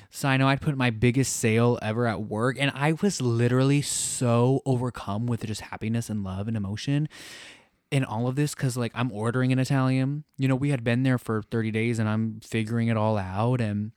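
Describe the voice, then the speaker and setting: A man gushes through a casual travel story on a podcast. His voice sits at a middle pitch and sounds dry and close to the mic. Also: fairly even intonation, moderate pace, a little mellow, no room sound. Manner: effusive, gushing storyteller. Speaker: podcast co-host.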